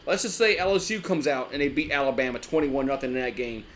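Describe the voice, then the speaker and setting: A man's voice: medium pitch, quick pace, a bit bright, a little hiss or hum. A man hosting a live sports fan stream, talking in a loose, rambling way with lots of restarts and frequent swearing.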